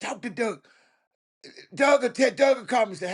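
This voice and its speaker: High-voiced man preaching with stammering restarts. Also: normal speed. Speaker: show host. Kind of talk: casual talk show monologue. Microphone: phone call.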